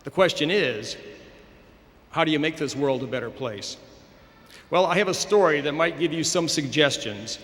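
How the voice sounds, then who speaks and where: Man giving a bright, echoing commencement speech. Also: a little high, expressive. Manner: measured, encouraging, declamatory. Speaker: school administrator giving a graduation address. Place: large hall at a graduation ceremony. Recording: echoey hall over a public address system.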